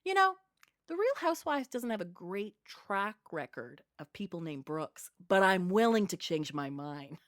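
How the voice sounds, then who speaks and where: A woman's voice: mid-range voice, very animated, normal speed. A woman co-hosting a podcast, chatting casually in a giggly, self-deprecating way. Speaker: podcast co-host. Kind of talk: casual chat about reality TV.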